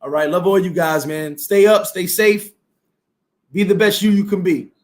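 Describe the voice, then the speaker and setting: Animated high-voiced male host. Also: moderate pace. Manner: animated, preachy motivational. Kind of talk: casual chat.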